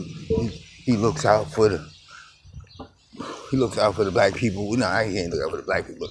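Man, lowish voice, loose walking monologue, phone mic outdoors, steady street noise. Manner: loose, conversational, greets passersby. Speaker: vlogger. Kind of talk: rambling walk-and-talk monologue. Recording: noisy outdoor phone recording.

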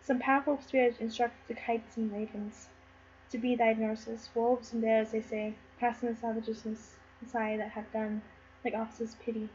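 A woman reading the part of a loyal, grave older lord in an amateur play read-through, speaking in a hushed, solemn way. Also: high-pitched, a little fast, lightly acted. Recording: slightly muffled with faint noise.

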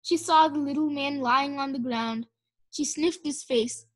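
Expressive woman reading a storybook. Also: high voice, measured pace. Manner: expressive, does character voices. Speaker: audiobook narrator.

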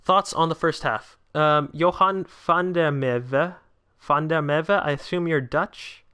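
Young man, 19, livestream host, casual chat, smooth clear voice. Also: fairly high pitch, takes it slowly. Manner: chatty, answers chat, bursts out excitedly at big chances.

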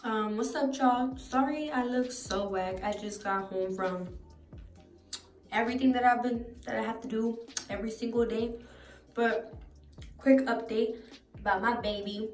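A woman's voice: on the high side, roomy sound, recorded from a distance. A teenage girl giving a rambling casual vlog update from home. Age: teens. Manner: loose and rambling, with many fillers. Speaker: vlogger.

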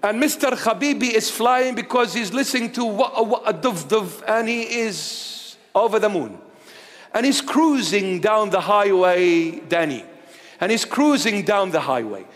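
A man's voice: high voice, a little slow. A man preaching a sermon in a church, telling stories with humorous asides. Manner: animated storytelling with humorous asides. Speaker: bishop, preacher. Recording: long church reverb.

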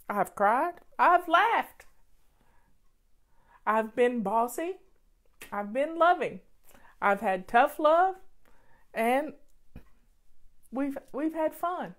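Female show host, unhurried and affectionate, encouraging advice in a casual Q&A. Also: high-pitched. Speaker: host answering viewer questions.

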